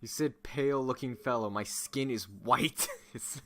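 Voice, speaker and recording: A man playing in a tabletop game, asking quick questions and correcting himself. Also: mid-range voice, pushed and bright. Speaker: player. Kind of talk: casual tabletop role-play.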